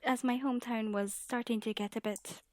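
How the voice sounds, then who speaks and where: A woman's voice: on the high side, steady tone, brisk. Giggly woman playing a tabletop game. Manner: giggly, theatrical. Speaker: player. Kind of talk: casual tabletop role-play.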